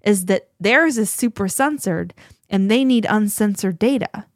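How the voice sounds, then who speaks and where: A woman co-hosting a podcast, talking in an animated, chatty way with frequent restarts. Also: medium pitch, unhurried, no echo, clean studio sound. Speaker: podcast co-host. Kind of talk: casual conversation.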